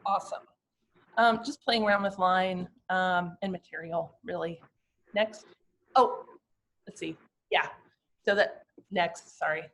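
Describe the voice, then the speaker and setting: A woman in her fifties, a glass artist, talking through slides of her own work in a reflective, halting, personal way. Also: lowish voice, steady tone, fairly bright tone. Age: 50s.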